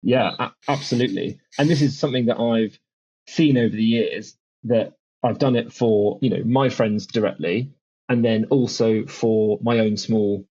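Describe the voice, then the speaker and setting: A man's voice: lowish voice, normal speed, a little mellow, slightly rough, muffled recording. A man, a music publishing founder, telling stories in a chatty podcast interview with lots of restarts and fillers. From England.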